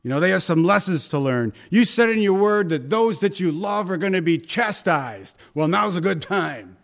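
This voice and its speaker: A man preaching a sermon as pastor, lively and conversational, acting out quotes and laughing along. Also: high voice, moderate pace, creaky.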